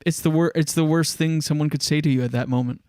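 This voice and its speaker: Male talk-show host, a touch high-pitched, smooth clear voice, dry close mic, animated recaps that act out every quote. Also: quick pace, dry recording. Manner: animated, acts out quotes, laughs often. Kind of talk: casual commentary on viral clips.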